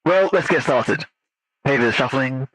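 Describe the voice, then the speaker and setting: A man voicing a male agent who runs a post-incident interview with calm, procedural questions. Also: medium pitch, measured pace, dry recording, low-quality recording. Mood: interrogating.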